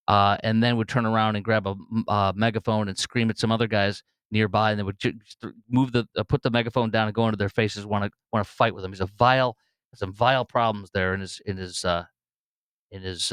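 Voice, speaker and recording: A man's voice: lowish voice, a bit bright, clear, resonant tone, no echo. A man hosting a political talk show, rambling through commentary with many fillers and restarts.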